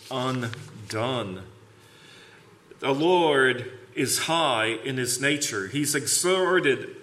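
A man's voice: medium pitch, a bit bright, roomy sound. A man preaching a sermon in a church, building emphasis on key words. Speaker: pastor. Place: church sanctuary.

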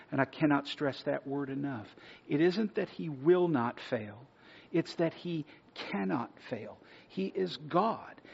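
A male pastor delivers an earnest sermon with a husky, slightly breathy voice, at a middling pitch. He sometimes drops to a hush to press a point home. The recording is dull and lo-fi. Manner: earnest preaching, dropping to a hush for emphasis.

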